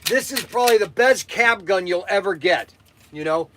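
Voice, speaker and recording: A man hosting a live stream and pitching toys as an excitable salesman who hollers and laughs. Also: moderate pace, slight background noise. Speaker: toy shop host.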